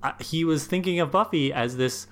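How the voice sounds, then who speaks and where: A man's voice: on the high side, moderate pace, a bit bright. A man co-hosting a podcast, talking through the story in an earnest, analytical way and getting more emphatic as he makes a point. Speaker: podcast co-host. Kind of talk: casual analytical chat.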